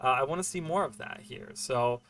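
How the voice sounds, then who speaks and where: A man's voice: mid-range voice, fairly quick, fairly bright tone. A man streaming a game, chatting casually and answering chat, rambling with lots of fillers and "right?" checks. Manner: answers chat questions while playing.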